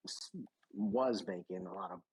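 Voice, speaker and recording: A man's voice: sits low, a little slow, slightly rough, no room sound, rough recording. A man hosting a casual gaming podcast, rambling and profane, with lots of restarts. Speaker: podcast host.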